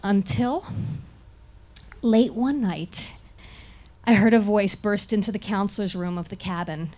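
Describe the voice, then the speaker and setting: A woman telling a funny first-person story in an animated way, often laughing and sounding indignant. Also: medium pitch, a little slow.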